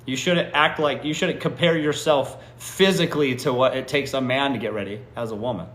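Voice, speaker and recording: A man speaks fairly quickly in a mid-range, fairly bright voice with a roomy sound. Running a live stream from an indoor room, he gives blunt, teasing advice to viewer comments, swears freely, and often asks "what?" in disbelief.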